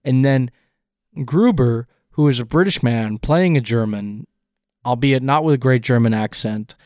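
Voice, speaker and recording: A man's voice: mid-range voice, unhurried, darkish tone, dry recording, studio quality. A man co-hosting a casual podcast, picking apart a film scene with enthusiastic, rambling analysis and frequent restarts. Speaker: podcast co-host.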